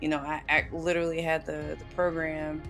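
Low, gravelly-voiced woman telling a personal story. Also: flat delivery, fairly quick, a bit bright, soft background music. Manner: emotional, earnest, heavy on fillers like "you know". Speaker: podcast guest.

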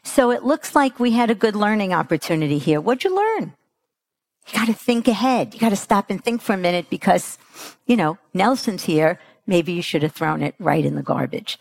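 A middle-aged woman giving a motivational parenting talk to an audience. She acts out the quotes she tells, jumping her pitch for them. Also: normal speed, gravelly. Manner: animated, acts out quotes with big pitch jumps. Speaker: parenting coach speaker.

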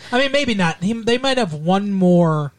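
A man co-hosting a podcast, recapping a show in casual chat with wry, deadpan asides. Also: sits high, moderate pace. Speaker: podcast co-host.

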